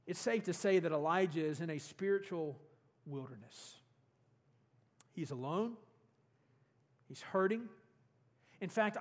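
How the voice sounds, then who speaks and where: A man preaching a sermon as pastor in a church sanctuary, earnest, letting his voice fall away at the ends of phrases. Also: sits high. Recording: long hall reverb.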